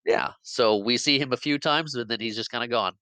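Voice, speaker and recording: A man co-hosting a podcast, recapping movie scenes in casual chat, acting out the characters' lines in quick quoted bits and laughing often. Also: medium pitch, bright, forceful tone, no room sound, rough recording. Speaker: podcast co-host.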